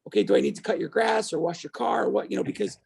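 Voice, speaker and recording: A man in his fifties appears as a guest on an interview show, recounting his story with gusto and doing the voices of the people he quotes. His voice is high, gravelly and slightly breathy, and he races along.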